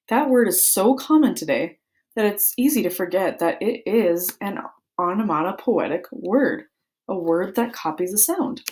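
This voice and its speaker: A woman's voice: medium pitch, lively intonation, moderate pace, darkish tone. A woman reading a children's book aloud, playfully acting out the sound words. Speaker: book reader.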